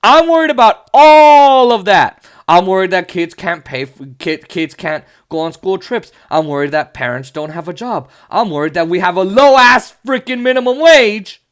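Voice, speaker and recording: A young podcast host with a high-sitting, animated voice rants through political commentary at a moderate pace, barely pausing. His delivery is smooth yet exasperated and sarcastic, and he swears often.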